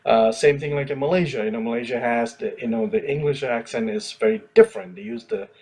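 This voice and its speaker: A man co-hosting a podcast, talking in a relaxed, hesitant way with many fillers. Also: medium pitch, fast, gravelly, husky. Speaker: podcast co-host. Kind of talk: casual chat.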